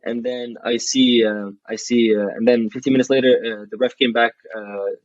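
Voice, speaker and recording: A man's voice: medium pitch, fairly even intonation, moderate pace, no room sound. Young guy guesting on a podcast, talks frank and swears a lot, keeps restarting, kinda muffled dry sound. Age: young adult. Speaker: guest, college athlete. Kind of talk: casual storytelling interview. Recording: dull, dry recording.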